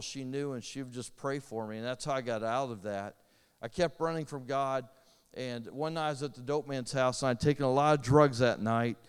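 A man's voice: mid-range voice, smooth. Earnest preaching man in a reverberant hall. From Indiana, US. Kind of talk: sermon testimony. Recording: long reverb of a large hall.

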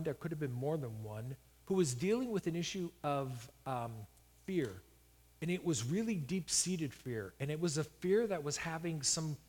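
A male pastor giving a sermon, telling a healing story with emphatic rises. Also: on the high side. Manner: storytelling preacher, rising to loud emphatic peaks.

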